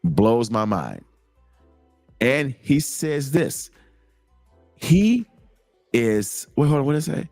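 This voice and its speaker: A middle-aged man hosting a show, telling a personal story in a casual, animated, digressive way. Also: medium pitch, takes it slowly, pauses often, no room sound, soft background music. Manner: animated, digressive, lots of repeated starts. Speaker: host.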